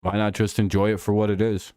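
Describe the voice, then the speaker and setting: Male streamer, irritated rant, deep and clean voice, close dry mic. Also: level tone, fairly quick, darkish tone, no echo. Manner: irritated ranting, swears a lot. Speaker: live stream host. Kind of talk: casual live-stream chat over a football game.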